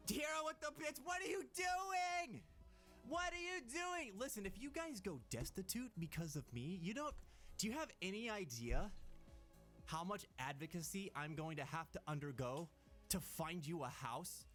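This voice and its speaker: A man chatting on a live stream, thanking viewers and breaking into excited shouted exclamations. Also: on the high side, normal speed, soft background music.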